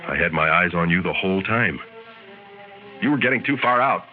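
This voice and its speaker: A man voicing a kindly, plainspoken Marine sergeant, speaking gently over a tinny radio recording with music behind. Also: sits low, lively intonation, normal speed. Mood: gentle. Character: gruff kindly male Marine sergeant, middle-aged.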